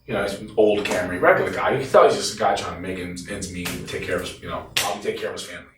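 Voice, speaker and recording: Speaking very fast in a low voice over a noisy background, a man who used to be on the team recounts events in an interview. He's blunt and profane, animatedly voicing what others said, and the audio is echoey and distant from the mic.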